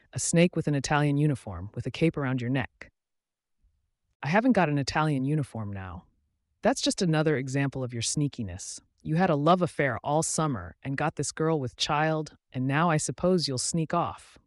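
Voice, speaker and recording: A woman's voice: low-pitched, expressive, moderate pace, no echo, studio quality. A man voicing a reproachful, sobbing Scottish woman friend in an audiobook. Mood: scolding.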